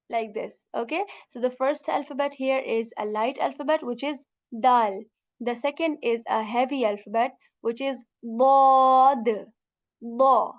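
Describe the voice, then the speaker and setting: High-voiced woman teaching Arabic sounds. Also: muffled recording. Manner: patient, repeats each sound slowly for students to copy; addresses students as sister. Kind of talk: beginner pronunciation lesson.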